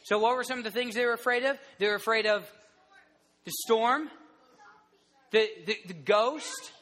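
Bright animated man preaching in a hall. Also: very high-pitched, moderate pace. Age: 30s. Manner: animated storytelling, rambling restarts. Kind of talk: sermon to a group.

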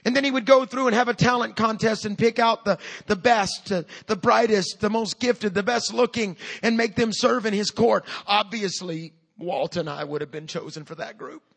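A man in his fifties, a pastor preaching a sermon with energy and humor, building up to loud calls to his church. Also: high voice, normal speed, vocal fry, few pauses.

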